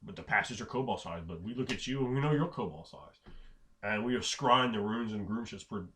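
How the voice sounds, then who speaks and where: A man's voice: fairly low pitch, animated, a little fast, bright, forceful tone, slight background noise, voice pushed down. A man voicing a pompous male orc leader who pleads in formal, old-fashioned speech. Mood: solemn pleading. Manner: archaic, stately pleading speech.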